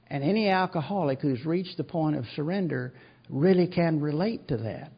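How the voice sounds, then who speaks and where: Speaking to an audience at a recovery meeting, this older man recounts his story with self-deprecating rambling and frequent restarts. He has a fairly high, slightly rough voice at a moderate pace, captured in a dull lo-fi recording.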